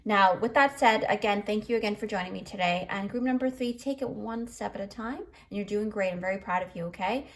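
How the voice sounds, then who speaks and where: Woman tarot reader, chatty and emotional, choked up, mid-pitched, everyday delivery. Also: brisk, few pauses, a bit bright. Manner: chatty, emotional, filler-heavy. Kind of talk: pick-a-card tarot reading.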